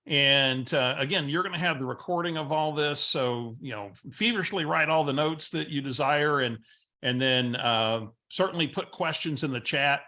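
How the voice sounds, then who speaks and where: A man's voice: on the high side, normal speed, pushed and bright. A man presenting a coaching webinar as host, telling stories energetically with frequent filler sounds. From San Antonio area, Texas.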